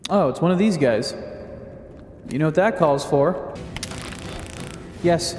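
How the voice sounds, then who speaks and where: A man's voice: on the high side, animated, takes it slowly, long pauses, darkish tone, slight background noise. A young man giving jokey let's play commentary on a video game, swearing freely and trash-talking the enemies. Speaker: gaming video creator. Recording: roomy echo with long reverb, music behind. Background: game music.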